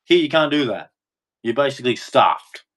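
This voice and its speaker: A man's voice: mid-range voice, animated, moderate pace, a bit bright. A man giving an emphatic, repetitive monologue, swearing and acting out quoted voices as he goes. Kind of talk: ranting monologue.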